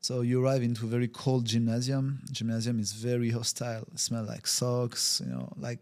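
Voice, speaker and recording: A man of average pitch tells a story as a podcast guest. He slips into quoted voices to act out each scene. His phrasing is non-native, and it is full of fillers and restarts. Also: moderate pace, darkish tone. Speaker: podcast guest, wellbeing consultant. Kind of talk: conversational storytelling.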